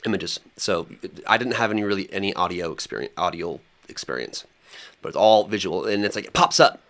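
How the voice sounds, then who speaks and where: Animated young man telling a story. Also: low voice, a little fast. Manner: animated, colloquial storytelling with many fillers. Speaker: podcast co-host. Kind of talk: casual chat.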